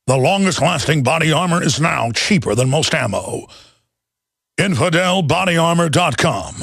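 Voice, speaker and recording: A man's voice: a little high, creaky, a bit bright, husky, dry recording, studio quality, full character voice. Optimus Prime, as a man puts him on. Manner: slow, solemn pronouncements. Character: deep heroic male robot leader. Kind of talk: radio ad read.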